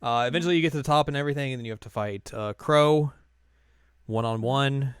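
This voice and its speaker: Brief: male podcast co-host, mid-pitched, loose filler-heavy storytelling, dry close mic. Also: quick pace, clear, resonant tone, no room sound. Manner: rambling, filler-heavy recap. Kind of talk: casual chat.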